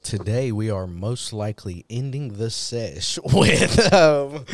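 A man's voice: medium pitch, sing-song, very slow, dry recording, studio quality. A man co-hosting a casual podcast, laid-back and joking, often laughing between his words. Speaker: podcast co-host. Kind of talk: casual stoner chat.

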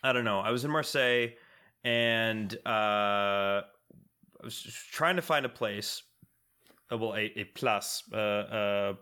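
A podcast co-host talks slowly in a lowish, sharp, clear and resonant voice. He keeps the chat loose and casual, rambling, restarting sentences and relying on filler words.

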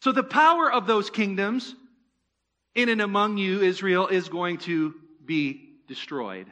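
Bright-voiced male pastor preaching. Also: high voice, lively intonation, measured pace. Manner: conversational preaching with rhetorical questions and asides. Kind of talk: sermon. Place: church.

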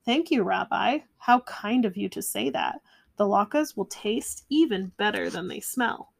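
A woman voicing a kindly, half-deaf grandmother of ninety-seven in a storybook read-aloud, warm and chatty. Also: mid-range voice, animated, unhurried, creaky. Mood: welcoming.

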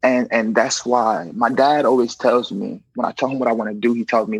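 A man who works as a correction officer, telling stories in a casual, animated way and acting out the voices of the people in them. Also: medium pitch, fairly quick, few pauses, breathy edge, dry recording, low-quality recording. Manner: animated, acts out quoted voices, fills with "you know what I mean". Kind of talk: casual storytelling in an interview.

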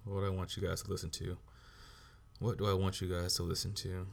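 Alone on his own podcast, a host with a low, gravelly voice delivers a loose, heavily profane rant, cursing in almost every sentence. He's blunt and unfiltered, speaking a little fast in a monotone.

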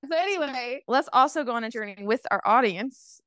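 Woman podcast co-host, bubbly and giggly, fairly high voice, dry sound. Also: expressive, brisk, a bit bright, dry recording. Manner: giggly, bubbly, laughs often. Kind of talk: casual podcast chat. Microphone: remote call mic.

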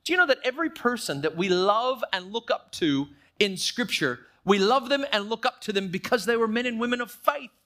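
A man with a notably high voice preaches with conviction, leaning hard on key words and drawing them out slowly. Now and then he drops lower to act out a short quoted prayer. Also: animated, sharp tone. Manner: emphatic preaching, slowing down to stress key phrases. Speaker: pastor. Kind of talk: sermon.

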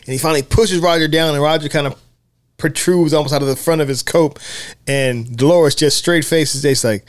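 A man hosting a podcast, chatting casually about a film, animated and laughing often. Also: a little high, fairly quick, no echo, studio quality. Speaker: podcast host.

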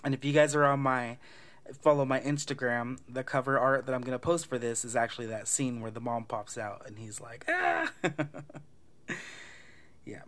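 A man's voice: mid-range voice, steady tone, normal speed, fairly bright tone. A man hosting a casual podcast, retelling a movie plot in a loose, profane way and acting out the lines. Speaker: podcast host recapping a film.

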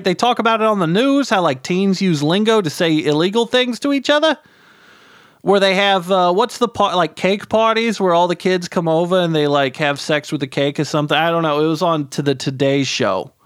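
A man's voice: high-pitched, a bit bright, dry recording, clean studio sound. A middle-aged man telling a rambling comic story as a podcast guest, stumbling over repeated words and tagging his lines with "right?".

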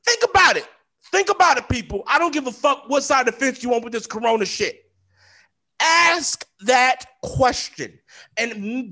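A man co-hosting a casual talk show who breaks into a loud, profane, heated rant. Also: sits high. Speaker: podcast co-host.

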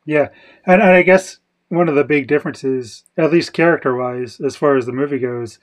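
Slightly higher-voiced man musing on a film. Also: moderate pace. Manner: second-guessing, thinking aloud. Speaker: podcast co-host. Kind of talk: casual movie discussion.

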